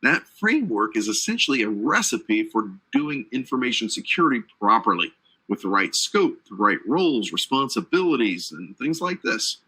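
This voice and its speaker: A man's voice: mid-range voice, big pitch swings, moderate pace, pushed and bright, breathy edge, rough recording. A man instructor giving a live online training lecture, chatty and joking with his audience between points. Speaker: certification exam instructor. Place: based in Atlanta.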